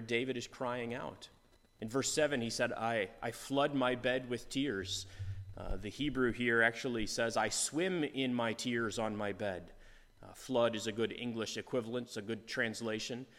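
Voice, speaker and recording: Earnest preacher in a reverberant hall. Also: male voice, medium pitch. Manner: earnest, repeats phrases for emphasis, swells in volume on key points. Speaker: pastor. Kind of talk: sermon. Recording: long reverb of a large hall.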